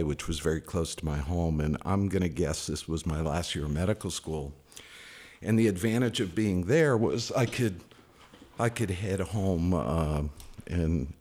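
An older man telling a personal story with animation, raising his voice high to quote people. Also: a little mellow. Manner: hesitant with fillers. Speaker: caller sharing a tribute. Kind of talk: casual storytelling.

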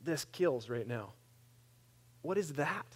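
A man in his thirties preaching a conversational sermon, animated and plain-spoken, with wry humor. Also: fairly high pitch, takes it slowly, breathy edge. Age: 30s. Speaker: pastor.

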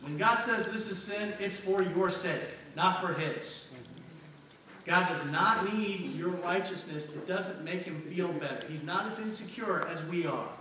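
Speaking a little slowly in a high-pitched voice, a middle-aged man preaches a conversational sermon and asks the congregation to respond. The church hall sound is echoey, captured from far off with background noise.

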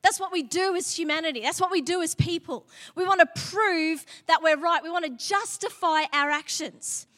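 A high, bright woman preaches in a church hall, and her voice carries a long reverb tail. She tells her story in a chatty way with little laughs, then pushes into emphatic, fervent preaching. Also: moderate pace, few pauses. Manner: conversational, laughing asides, building to emphatic preaching. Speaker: pastor. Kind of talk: sermon with personal story.

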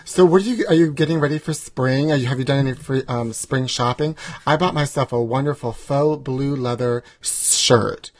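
A man's voice: mid-range voice, moderate pace, hardly any pauses, no echo. A man co-hosting a comedic chat, flamboyant and theatrical, who keeps calling his partner "honey". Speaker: co-host. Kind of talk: campy comedic banter.

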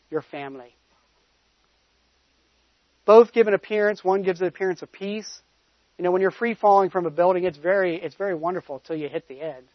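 A man's voice: sits high, no echo, highs cut off. A man preaching a sermon, telling a personal story in a conversational way and pressing points with emphatic rising stresses.

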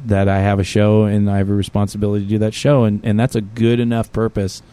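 A man co-hosting a casual podcast, talking in a rambling, halting way with many restarts. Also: on the low side, monotone, dark tone, clean tone. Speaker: podcast co-host. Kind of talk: casual chat.

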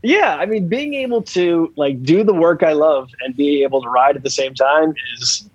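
A man guesting on a podcast, telling stories in a lively, rambling way full of fillers. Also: a little high, moderate pace, slightly rough, no room sound, lo-fi sound. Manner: animated storyteller with many fillers. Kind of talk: casual podcast interview.

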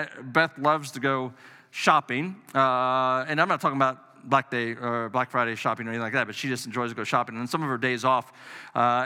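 A man's voice: medium pitch, pushed and bright. A middle-aged man preaching a sermon as pastor, earnest and conversational, often restarting his phrases. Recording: long reverb of a large hall.

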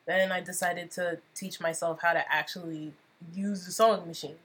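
A woman's voice: lowish voice, fairly even intonation, normal speed, fairly bright tone, breathy edge. A woman guest on a podcast, a clothing designer explaining her brand in a laid-back way. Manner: laid-back, explains plainly, laughs often. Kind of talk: casual podcast interview.

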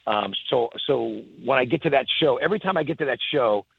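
A man's voice: mid-range voice, fairly quick, gravelly, slightly rough, no echo. A middle-aged man, a songwriter guest, telling stories in an interview with many repeats and restarts. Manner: animated storyteller, repeats words and restarts often. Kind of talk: storytelling in a podcast interview. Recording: tinny phone-like line.

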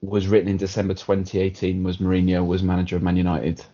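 A man with a very low, warm, mellow voice talks football on a casual podcast. He reads a long article aloud at a steady clip and gushes about players he loves. The sound is a little muffled and lo-fi. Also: fast talker. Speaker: podcast co-host.

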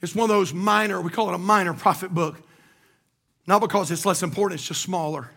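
A pastor preaching a fiery sermon in a church, swinging between shouted, singsong runs and quiet, low passages. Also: male voice, steady tone, brisk, vocal fry.

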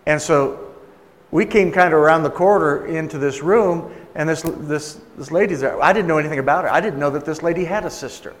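A man preaches a sermon and tells it as a story, chatting with his listeners and acting out the people in it. His voice sits a little high. A long reverb from the hall trails after each phrase. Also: fairly quick. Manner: conversational, acts out quoted voices.

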